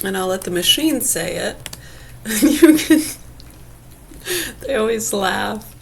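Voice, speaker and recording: Slow-talking woman, laughing, crude. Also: medium pitch, expressive, gravelly, darkish tone, slight background noise. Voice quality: slight whistle through gaps in her teeth. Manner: laughs often, crude and profane. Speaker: vlogger. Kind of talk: rambling casual monologue.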